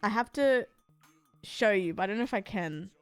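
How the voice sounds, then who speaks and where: A woman chats to her stream in a loose, rambling way, mixing swearing and fillers as she jumps between stories. Her voice sits at an ordinary pitch for a woman. Soft game music plays faintly behind her. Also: lively intonation, moderate pace, clear, resonant tone. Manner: rambling, frank, swears freely, full of fillers and playful bits. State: sore body. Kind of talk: casual chat while gaming on stream.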